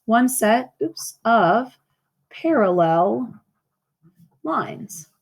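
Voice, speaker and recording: Woman teacher, recorded lesson for young kids, slow patient explainer, repeats key points. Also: medium pitch.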